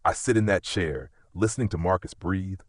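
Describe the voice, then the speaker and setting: A man's voice: deep voice, moderate pace, no echo. A man narrating a dramatic first-person story with an intense, emotional delivery.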